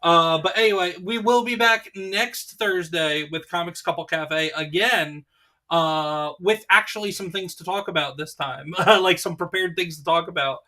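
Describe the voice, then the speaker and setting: A man's voice: a little high, normal speed, sharp tone. A man hosting a casual livestream, reading chat messages aloud and teasing with frequent laughter. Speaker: host.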